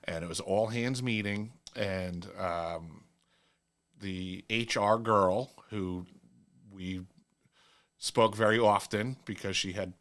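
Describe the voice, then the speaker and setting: Casting note: low-voiced male host, loose anecdotal delivery, chuckles often. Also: steady tone, slow pace, fairly bright tone. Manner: rambling, laughs at his own stories. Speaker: show host. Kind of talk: casual storytelling.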